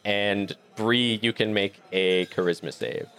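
A man running a tabletop game as game master, narrating in a relaxed, rambling way with fillers. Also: fairly low pitch, unhurried, clear, resonant tone.

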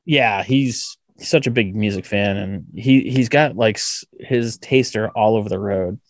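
A man's voice: lowish voice, a little slow, no room sound, clean studio sound. A man hosting a podcast interview over a video call, enthusiastic and laughing often. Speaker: podcast host. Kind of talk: casual interview chat. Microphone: video call recording.

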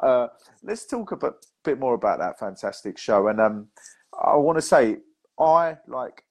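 A man's voice: mid-range voice, slightly rough. A man hosting a casual podcast, talking with eager enthusiasm and stumbling restarts. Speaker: podcast host.

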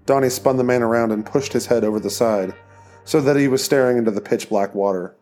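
A man reading an audiobook chapter as narrator in a steady, even storytelling voice. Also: medium pitch, brisk, soft background music.

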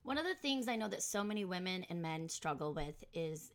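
A woman's voice: on the low side, expressive, a little fast, fairly bright tone. Chatty woman hosting a self-help podcast. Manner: chatty, rambling, laughs at herself. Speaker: podcast host. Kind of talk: casual podcast monologue.

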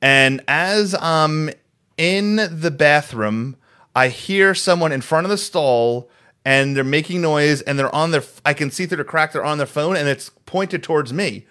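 A man's voice: a little high, unhurried, sharp tone. A man co-hosting a podcast, telling a rambling story with swearing and stumbles. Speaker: podcast co-host. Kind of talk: casual chat and anecdote.

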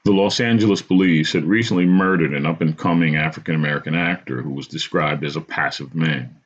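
A man's voice: rumbling low, brisk. A man hosting a podcast, telling a true story from his own life in a dramatic first-person style. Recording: dull lo-fi recording.

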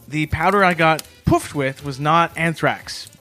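A man co-hosting a comedy podcast, telling an absurd story in a deadpan, matter-of-fact way. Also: fairly high pitch, unhurried, faint music behind. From Canada. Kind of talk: deadpan improvised comedy chat.

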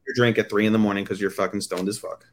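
Guy cohosting an anime podcast, swears a ton, does squeaky voices for the characters. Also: flat delivery, fast talker. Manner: crude, swears a lot, acts out scenes in high put-on voices. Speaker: podcast co-host. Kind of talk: casual anime podcast chat.

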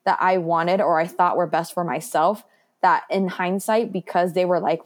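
Earnest young woman, slightly low voice. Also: moderate pace, darkish tone. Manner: earnest and reflective, many fillers. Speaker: guest sharing her foster care story. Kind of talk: candid personal interview.

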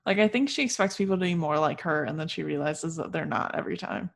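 A woman's voice: low voice, fast talker, gravelly. A woman chatting casually as she retells a novel's plot, with lots of "like". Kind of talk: casual book-recap chat.

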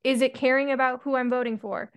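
A woman with a smooth, resonant voice pitched somewhat high hosts a casual podcast chat. She muses about her own views, then turns to her guest with open questions. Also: steady tone, quick pace. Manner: reflective, asks open questions. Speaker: podcast host.

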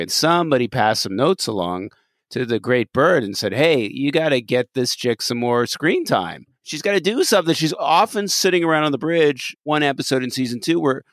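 A man's voice: medium pitch, no room sound, studio quality. A man co-hosting a casual podcast, ranting with enthusiasm and laughing often. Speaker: podcast co-host. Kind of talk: casual chat reviewing a TV episode.

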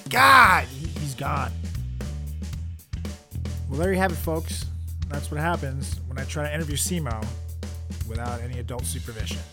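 A man hosting a comedy podcast, ranting in loud exasperation. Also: mid-range voice, normal speed, long pauses, over music. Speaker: podcast host.

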